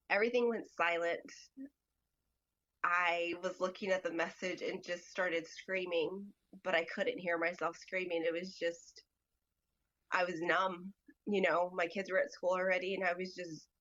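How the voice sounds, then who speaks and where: Soft-spoken woman telling a painful story. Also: fairly low pitch, muffled recording. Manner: halting, full of "like" and "you know". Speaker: podcast guest. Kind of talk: emotional personal storytelling.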